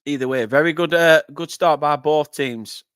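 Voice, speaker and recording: A young northern English man hosting a live football watchalong, chatting with viewers and breaking into excited play-by-play. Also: on the high side, normal speed, smooth, dry recording, clean studio sound. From northern England. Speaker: fan channel host.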